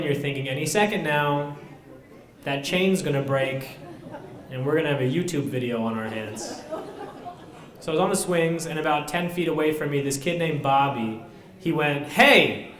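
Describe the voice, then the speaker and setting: Young guy doing stand-up at a college, deadpan, lots of uh and um, bit of a high voice, roomy echo. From Southern California. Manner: deadpan, self-deprecating, with filler pauses. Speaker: comedian. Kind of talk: stand-up comedy. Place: college student center stage. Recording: echoey room.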